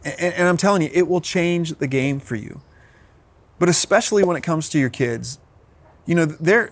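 A man in his thirties, a pastor giving a sermon in an earnest way, often repeating words as he restarts. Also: fairly high pitch.

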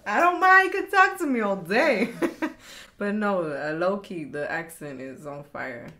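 A woman hosting a casual reaction chat, excitable, exclaiming and laughing often, swearing casually. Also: mid-range voice, a little slow, slight background noise. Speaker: reaction video host.

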